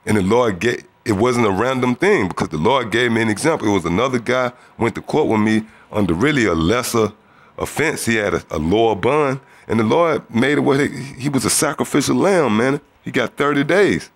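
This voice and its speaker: A man's voice: medium pitch, lively intonation, a little fast. A man telling a religious testimony in a casual storytelling way, acting out the voices of other people. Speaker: testimony speaker.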